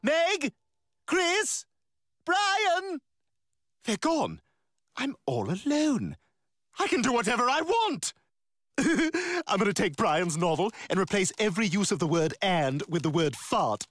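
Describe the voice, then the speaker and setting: A man's voice: sits high, big pitch swings, slow pace, long pauses, fairly bright tone, no room sound, studio quality, heavily acted. An actor voicing a haughty, scheming baby boy with a plummy British accent in a cartoon. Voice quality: plummy, theatrical, sneering. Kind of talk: cartoon voice acting.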